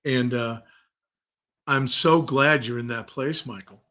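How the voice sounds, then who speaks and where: A man hosting a podcast, speaking in a slow, halting way with many fillers. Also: mid-range voice, bright, forceful tone. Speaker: podcast host. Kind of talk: interview conversation.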